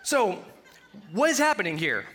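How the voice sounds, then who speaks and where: Bright-voiced joking male preacher. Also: high voice, wildly swooping pitch, moderate pace. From Colorado. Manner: joking, conversational preaching with asides. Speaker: pastor. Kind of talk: sermon.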